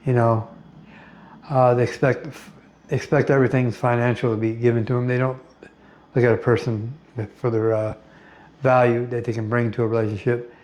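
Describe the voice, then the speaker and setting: Middle-aged man, from the US, blunt and profane, halting, many fillers, rambling monologue. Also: mid-range voice, flat delivery, a little mellow. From United States. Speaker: vlogger.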